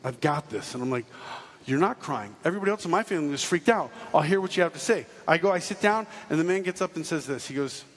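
A fairly high-pitched, fast-talking man delivers a testimony talk from the stage of a large hall, animated and jokey as he acts out quotes from the people in his story for the live audience. The hall is reverberant with faint ambience.

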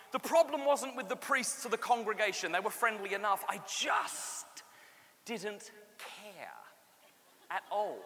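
A man, giving a humorous faith testimony to a live audience and acting out the characters. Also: sits high. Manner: animated storyteller, acts out voices and jokes. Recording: long hall reverb, faint room noise.

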